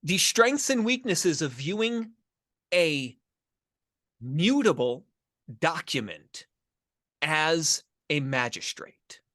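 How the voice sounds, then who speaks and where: A middle-aged man from the northern United States, co-hosting a casual podcast chat with a joking, animated manner and quick restarts. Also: fairly high pitch, no echo, clean studio sound. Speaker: podcast co-host.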